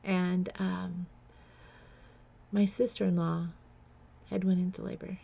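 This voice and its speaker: A woman telling a personal story on a vlog in a halting way, with many fillers and restarts, sometimes close to tears. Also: on the low side, flat delivery, creaky, dark tone, breathy edge, muffled recording. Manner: emotional, close to tears at times. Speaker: vlogger.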